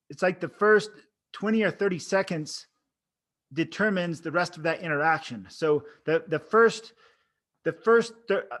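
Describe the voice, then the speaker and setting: A man's voice: on the high side, a bit bright. A man coaching listeners on oral board interviews in an earnest, unscripted way, often restarting his sentences. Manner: earnest, frequent restarts and fillers. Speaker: promotion exam coach. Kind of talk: unscripted instructional talk.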